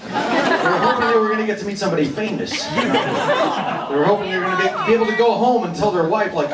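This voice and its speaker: A man's voice: high voice, quick pace. A man from New York telling a wry, self-mocking story on a club stage, acting out other people's voices. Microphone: stage microphone heard from the room. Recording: roomy live club recording from far off. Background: loud crowd laughter and club noise.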